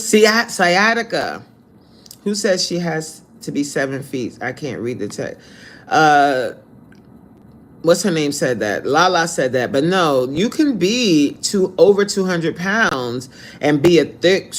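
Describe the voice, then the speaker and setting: A man's voice: fairly high pitch, slight background noise. A man fitness coach on a live stream who reads out viewer comments in a blunt, sassy, scolding way.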